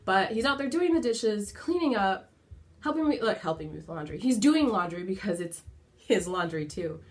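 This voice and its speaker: At home indoors, a chatty woman with a medium-pitched voice talks to the camera at normal speed, giving candid advice as a mother. Her speech is loose and conversational, full of "like" and the occasional casual swear word, with the relaxed feel of a motivational vlog.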